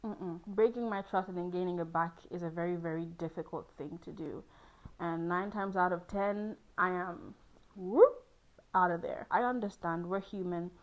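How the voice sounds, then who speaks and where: A young woman chatting casually to camera as a host, lively and laughing often, jumping into high squealing exclaims. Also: moderate pace, poor audio. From Ghana.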